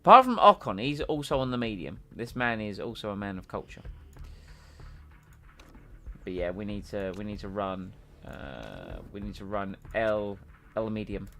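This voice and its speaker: Lively, bright-voiced male game streamer. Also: lowish voice, normal speed, gravelly, a little hiss or hum. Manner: jokey, rambling, excitable at race moments. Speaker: streamer playing a racing management game. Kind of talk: casual gameplay commentary.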